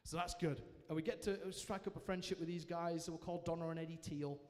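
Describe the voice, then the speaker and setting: A man giving a personal testimony to a live audience, telling it as a lively story with self-mocking humour. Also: a little high, quick pace. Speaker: guest speaker sharing his testimony. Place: large church hall, indoors. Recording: reverberant church hall.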